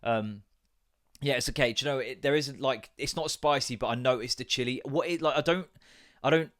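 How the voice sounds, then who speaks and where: English male podcaster, 30s, middle pitch, rambling, sweary, quick to do voices. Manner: rambling, swearing, animated storytelling with put-on quoted voices. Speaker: podcast host. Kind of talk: casual solo chat.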